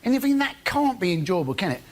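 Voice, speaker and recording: A male comedian on a panel show delivers jokes deadpan. His voice sits high, over a noisy studio. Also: fast talker. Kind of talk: comic panel banter.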